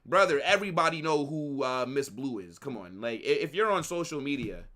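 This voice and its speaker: A man's voice: medium pitch, animated, a little fast, bright, forceful tone. A young man casually chatting to his live-stream viewers in a slangy, rambling way. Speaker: watch-along streamer.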